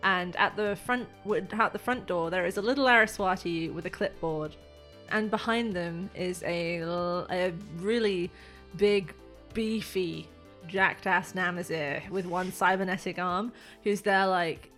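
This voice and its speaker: A woman's voice: on the low side, measured pace, fairly bright tone, faint music behind. A woman narrating as game master in a chatty, giggly way.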